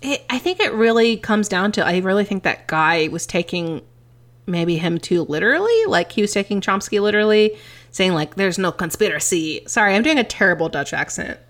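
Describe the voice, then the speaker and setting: A woman's voice: mid-range voice, very animated, brisk, a bit bright. A woman co-hosting a podcast, chatting casually, laughing and swearing. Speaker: podcast co-host. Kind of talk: casual chat.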